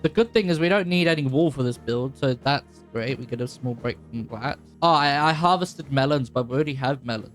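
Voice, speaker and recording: Young man, gameplay commentary, chatty, excitable, soft music behind. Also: fairly quick, hardly any pauses. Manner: chatty, excitable, pitch leaps high when excited. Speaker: gaming YouTuber. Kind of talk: casual Minecraft commentary. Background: faint background music.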